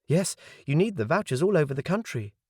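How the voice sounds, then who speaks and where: A man putting on a brisk young waitress. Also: a little high, big pitch swings, darkish tone, dry recording, clean studio sound, pitched above the performer's own voice. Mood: brisk polite. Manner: briskly polite, quoting rules. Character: young female serving girl, brisk, polite.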